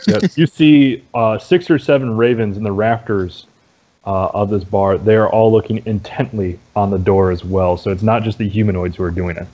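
A man narrating as dungeon master in a relaxed, halting way with many fillers. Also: fairly low pitch, a little hiss or hum. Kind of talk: narrating a tabletop game. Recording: dull lo-fi audio.

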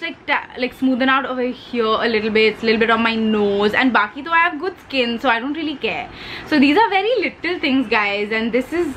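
A woman's voice: fairly high pitch, fairly bright tone, a little hiss or hum, rough recording. A young woman with an Indian English accent chatting casually as a beauty vlogger while she does her makeup, playful and talkative, dropping Hindi words.

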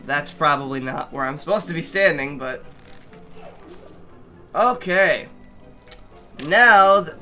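A gamer giving let's play commentary, exasperated and swearing often, with sudden yelling outbursts at the game. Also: medium pitch, lively intonation, takes it slowly, long pauses, soft background music. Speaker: gamer playing through a platform game.

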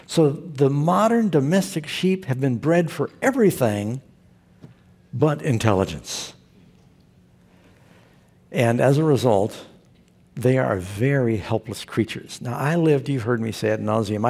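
A man's voice: medium pitch, a little mellow, breathy edge. A male pastor preaching a sermon, telling stories with humor and asking his listeners questions. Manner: humorous storytelling preacher who asks the audience questions.

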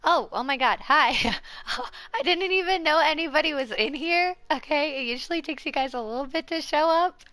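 Giggly hoarse high-voiced streamer woman. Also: moderate pace, few pauses, dry recording. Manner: bubbly and giggly, greets chatters excitedly. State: congested and hoarse from a sinus infection. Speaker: game streamer. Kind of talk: casual live-stream chat with viewers. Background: faint game music.

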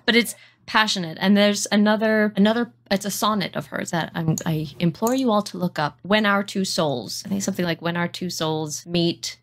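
A woman's voice: medium pitch, moderate pace. A young woman co-hosting a podcast in casual chat, rambling and hesitant, often trailing off. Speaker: podcast co-host.

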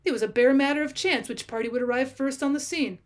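A woman teacher reading a classic short story aloud as an audiobook, measured and storytelling. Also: high-pitched.

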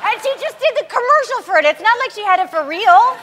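A woman's voice: extremely high pitch, fast. A woman in her thirties, an actress guest on a talk show, telling stories with laughter and acted-out quotes. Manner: animated, laughing, acts out quotes. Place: TV studio with live audience. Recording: studio with audience noise.

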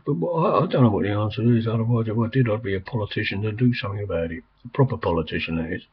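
A man's voice: mid-range voice, breathy edge. An older man rambling in casual talk, full of ums and restarts. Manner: meandering, many ums and restarts. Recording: slightly dull, lo-fi recording.

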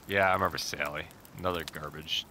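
A man's voice: extremely low pitch, steady tone, fast, creaky, pushed and bright, a little hiss or hum. A man co-playing a game, trading dry, mock-grumpy banter. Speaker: co-player. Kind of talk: casual gameplay chat.

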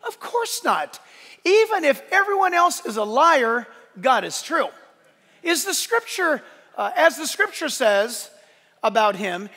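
A man preaching a lively sermon in a church with a very high, bright and forceful voice. He jokes and acts out the quotes he reads. His words ring with a long hall reverb. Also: a little slow. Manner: animated, joking, acts out quotes. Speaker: pastor. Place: church sanctuary.

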